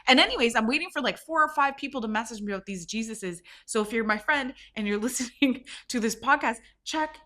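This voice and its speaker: Bright-voiced woman telling rambling stories. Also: a little high, fairly quick, hardly any pauses. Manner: rambling, laughing, swears freely. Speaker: podcast host. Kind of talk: casual solo storytelling.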